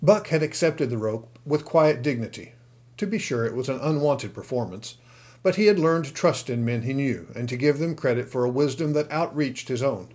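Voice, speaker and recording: A man reads a storybook aloud in a steady, expressive way. His voice sits in an ordinary middle pitch for a man. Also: moderate pace. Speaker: audiobook narrator. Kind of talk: scripted narration.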